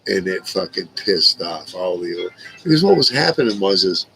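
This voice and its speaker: A man's voice: low voice, very animated, moderate pace, gravelly, fairly bright tone, slight background noise, poor audio. A man hosting a casual livestream, rambling through stories with lots of swearing and laughing at his own jokes. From Indiana. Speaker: livestream host. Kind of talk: casual storytelling to a live chat. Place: at home on a livestream.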